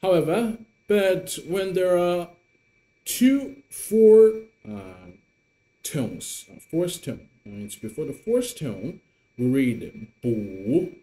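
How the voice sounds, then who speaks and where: A man's voice: sits high, lively intonation, slow pace, warm tone. A man teaching an online lesson in English, patient and repetitive, with many fillers. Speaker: Mandarin teacher.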